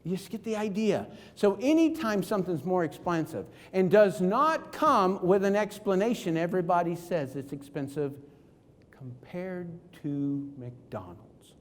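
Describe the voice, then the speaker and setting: A man with a notably high, animated voice delivers a seminar talk from the stage. He hammers his points home with emphatic rhetorical questions, and a long reverb from the big hall trails each line. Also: unhurried. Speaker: keynote speaker.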